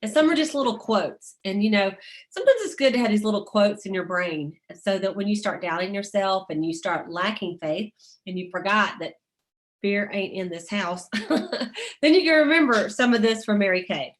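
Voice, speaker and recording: A woman's voice: medium pitch, lively intonation, normal speed. A middle-aged woman leading a motivational sales team call, chatty, laughing often and reading inspirational quotes aloud.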